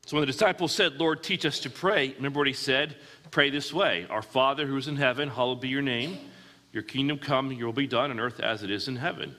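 A man's voice: medium pitch, fairly quick, bright, forceful tone. A man preaching a sermon, often asking his listeners questions and answering them himself. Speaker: pastor. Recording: hall with long reverb.

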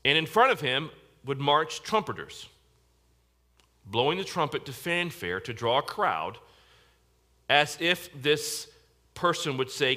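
A male pastor delivers a sermon in a church service with a bright, forceful tone. He speaks emphatically and directly, stressing his points. He keeps turning to the congregation with questions. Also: fairly high pitch, big pitch swings, measured pace, long pauses.

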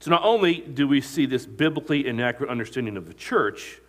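Preaching fast with lively intonation, this mid-range male pastor retells movie scenes and other stories. He asks the congregation questions and lets them supply the answers.

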